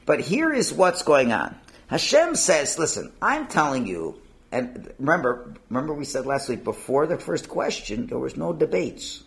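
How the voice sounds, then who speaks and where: Male teacher, animated and conversational, asks his class questions. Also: on the high side, normal speed, gravelly. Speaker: Torah teacher. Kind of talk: informal lesson.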